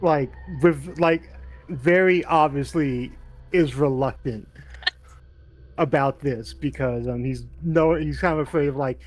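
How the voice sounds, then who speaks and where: Slow, hesitant player. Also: male voice, a little high. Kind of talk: playing a tabletop game.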